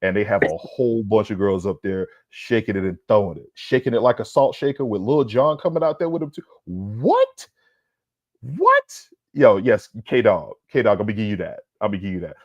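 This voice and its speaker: A man hosting a podcast in a casual comedic rant, loud and profane, always tacking on "all right?". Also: fairly low pitch, a little fast, hardly any pauses, no room sound, muffled recording. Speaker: podcast host.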